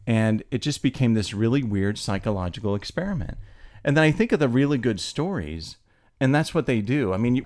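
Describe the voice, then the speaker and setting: A man who writes screenplays, chatting casually and telling anecdotes with lively energy. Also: mid-range voice. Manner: animated storyteller, acts out quotes. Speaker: screenwriter guest. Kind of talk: casual storytelling chat.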